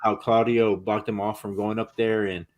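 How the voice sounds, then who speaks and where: A man's voice: on the low side, normal speed. A man co-hosting a wrestling podcast, talking in casual, rambling chat with lots of fillers. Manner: excitable, rambling with many fillers. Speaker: podcast co-host.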